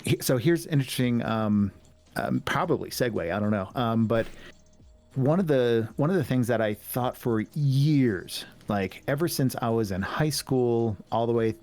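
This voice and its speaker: A man's voice: medium pitch, expressive, unhurried, darkish tone. A man, a podcast guest, talking candidly and reflectively in casual chat, acting out quoted dialogue and laughing often. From United States.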